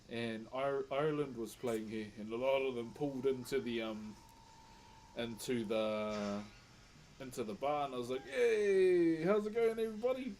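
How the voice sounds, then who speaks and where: A man's voice: mid-range voice, darkish tone, a little hiss or hum. A young man chatting casually on a live stream, laid-back and laughing often. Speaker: livestreamer and wood carver.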